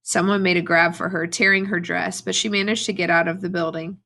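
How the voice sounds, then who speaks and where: A woman teacher reading a novel aloud to her students at a steady, plain pace, with brief asides to the class. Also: fairly low pitch, fairly quick, creaky.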